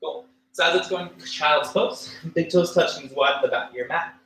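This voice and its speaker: A man teaching a livestreamed yoga class, cueing poses and breaths in a relaxed, casual way with fillers and small jokes. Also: a little high, moderate pace. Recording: echoey room with faint ambient noise.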